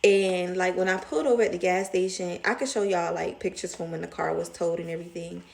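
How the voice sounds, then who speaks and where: A young woman telling a story to her viewers in a casual, animated way, acting out the other voices as she goes. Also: fairly low pitch, a little fast, creaky, a little hiss or hum. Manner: chatty, animated retelling, mimics voices in quotes. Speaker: vlogger.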